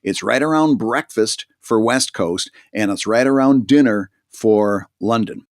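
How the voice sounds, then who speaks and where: A man's voice: on the low side, a little slow, dry recording, studio quality. A man co-hosting a casual podcast about making comics, chatty and good-natured, talking through his ideas with frequent restarts. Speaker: podcast co-host.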